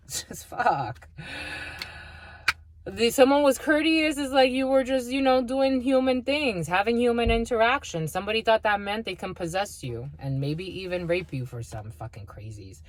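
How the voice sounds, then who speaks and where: A woman's voice: on the high side, expressive, moderate pace. A woman giving a spiritual tarot reading to her viewers, blunt and profane, laughing often and calling her listeners "my lovies.". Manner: laughs often between remarks. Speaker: tarot reader.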